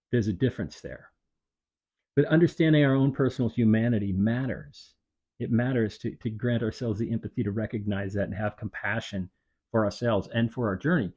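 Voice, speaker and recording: A man's voice: lowish voice, dark tone, slightly rough, dull audio. A man hosting a self-help podcast, talking earnestly and repeating his points for emphasis. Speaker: podcast host. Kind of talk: reflective self-help talk.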